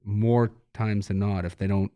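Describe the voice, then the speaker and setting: A low-pitched man talks loosely as an interview guest. His stories ramble and he chuckles through them. The sound is dry and close, with no room around it. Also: steady tone, measured pace, warm tone, clean tone, dry recording. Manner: laid-back, rambling, laughs while telling stories. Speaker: hockey coach, guest. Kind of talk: relaxed interview talk.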